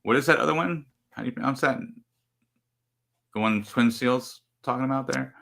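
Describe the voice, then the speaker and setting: A man co-hosting a casual chat, easygoing and trailing off softly at times. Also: mid-range voice, normal speed, creaky. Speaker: podcast co-host.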